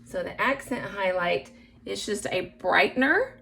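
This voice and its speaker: Chatty woman with a gravelly voice, murmuring through a makeup tutorial. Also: mid-range voice, lively intonation, a little slow. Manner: chatty, self-narrating, unsure of herself; drops to soft murmurs while concentrating. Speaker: beginner makeup vlogger. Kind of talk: casual first-time makeup tutorial.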